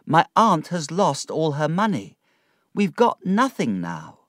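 A man voicing an earnest, worried young man in a storybook reading, speaking in a gentle voice. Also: on the high side, wildly swooping pitch, slow pace, dry recording, studio quality, voice pushed up, full character voice.

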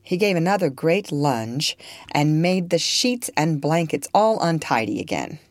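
A woman reads a classic story aloud in an expressive storybook style. Her voice sits low but moves widely in pitch. The recording is dry and close. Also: measured pace, dry recording. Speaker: narrator. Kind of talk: storybook reading.

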